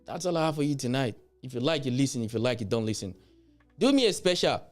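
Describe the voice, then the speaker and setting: A man's voice: medium pitch, animated, quick pace, faint music behind. A Nigerian man hosting a livestream, blunt and mocking, who slips into Yoruba as he comments. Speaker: livestream host.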